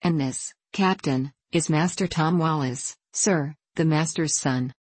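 A woman voicing a kindly, hearty old male sailor who talks in a slow, earnest seaman's way in a storybook reading. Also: sits low, a little mellow, breathy edge, no room sound, full character voice. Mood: proud.

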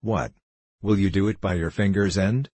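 A man voicing a kindly, motherly older woman nurse who chides and teases slowly in old-fashioned speech. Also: low voice, fairly even intonation, a little mellow, slightly rough, no room sound. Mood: teasing.

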